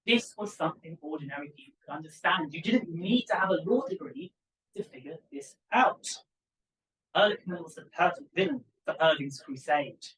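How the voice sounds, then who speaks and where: Animated young man giving a conference talk. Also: on the high side, moderate pace, distant mic, rough recording. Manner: animated, emphatic, with asides to the audience. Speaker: conference presenter, PhD student. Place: conference room.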